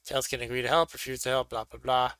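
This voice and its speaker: Stream host guy reading a gamebook, joking around, gravelly, dry sound. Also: mid-range voice, flat delivery, quick pace, a bit bright, dry recording. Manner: offhand, joking. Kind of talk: casual chat and read-aloud narration.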